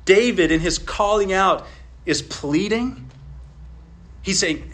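A man preaching a sermon as pastor, earnest, his voice rising on pleading lines and dropping low on asides. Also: expressive, takes it slowly, fairly bright tone.

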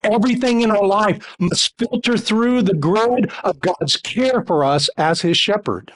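High-voiced male pastor preaching emphatically. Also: measured pace. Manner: emphatic, building repetition. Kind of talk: sermon.

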